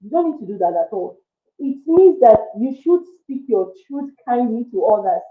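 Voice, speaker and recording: A woman's voice: fairly high pitch, very animated, moderate pace. A woman giving a motivational talk, earnest and coaxing, repeating her points. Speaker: motivational speaker. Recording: echoey, tinny phone-like sound.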